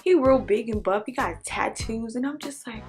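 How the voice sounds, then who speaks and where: Young woman, from Oklahoma, storytime vlog, lively voice that acts out people, a bit high, faint music behind. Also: moderate pace. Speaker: vlogger.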